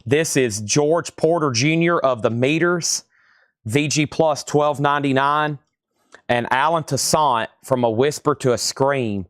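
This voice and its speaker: A man's voice: medium pitch, clear, resonant tone, no room sound, clean studio sound. A man hosting a live online record sale, casually running through record grades and prices. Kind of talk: live online sales stream.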